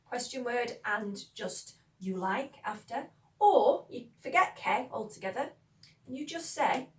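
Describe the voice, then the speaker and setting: A woman's voice: mid-range voice, recorded from a distance, rough recording. A woman teaching a grammar lesson in a chatty, emphatic way, often checking "okay?". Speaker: language teacher. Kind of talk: spoken lesson explaining Spanish grammar.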